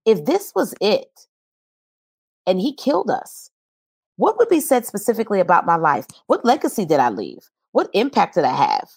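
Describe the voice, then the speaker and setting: A woman's voice: mid-range voice, wildly swooping pitch, normal speed, creaky, darkish tone, breathy edge, no echo, studio quality. A woman guest telling a personal story in earnest, testimony style, in an interview.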